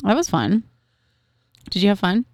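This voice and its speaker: A woman's voice: medium pitch, normal speed, no echo, studio quality. A woman in her thirties, a podcast co-host telling stories in casual chat and acting out her kids' voices. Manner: animated storyteller, acts out her kids' voices.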